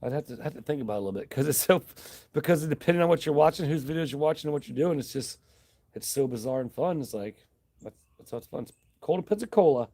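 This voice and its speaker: A man's voice: fairly high pitch, quick pace. Easygoing man chatting on a live stream. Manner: relaxed, rambling, reads out viewer comments; friendly, laughs often, thanks viewers. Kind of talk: casual live-stream chat.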